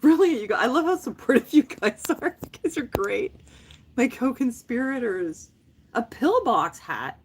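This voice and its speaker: Husky-voiced woman in her fifties, chatty. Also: on the high side, very animated, a little slow. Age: 50s. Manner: chatty and playful, often laughing, mixes in French phrases. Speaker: livestream host chatting with viewers. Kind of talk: casual live chat.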